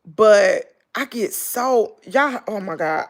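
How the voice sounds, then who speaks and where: On a livestream, a middle-aged vlogger with a Southern American accent chats casually in a creaky mid-range voice, keeping a measured pace with hardly any pauses. She tells stories with animation, imitates her daughter, and calls her viewers "girl" and "y'all."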